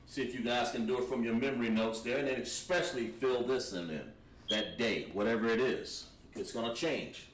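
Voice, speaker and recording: A man teaching a language class, thinking aloud and pausing while he writes on a board. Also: mid-range voice. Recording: echoey room, mic at a distance, faint noise.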